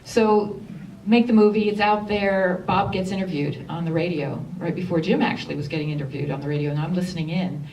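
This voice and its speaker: A woman screenwriter telling lively stories at a cinema Q&A, acting out the quotes. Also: on the low side, brisk, slight background noise. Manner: animated storyteller, acts out quotes. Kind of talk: Q&A storytelling on stage. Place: cinema theatre. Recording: far from the mic.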